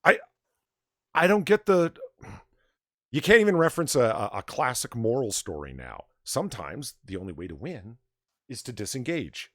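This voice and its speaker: A man hosting a casual late-night livestream chat, animated and blunt, swearing and reading out viewer tips. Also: mid-range voice, moderate pace, no echo, clean studio sound. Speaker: livestream bar host.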